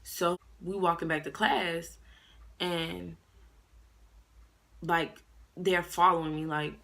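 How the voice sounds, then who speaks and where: A woman's voice: fairly low pitch, slow pace, creaky. A young woman vlogger telling a story in a casual, slangy way, acting out other people's lines. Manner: animated, slangy, acts out quotes in raised voices.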